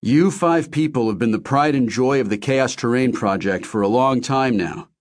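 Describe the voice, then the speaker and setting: A man's voice: medium pitch, moderate pace, voice pushed up, close to an everyday voice. A man voicing a cheerful middle-aged male company founder, friendly and gracious in an audiobook.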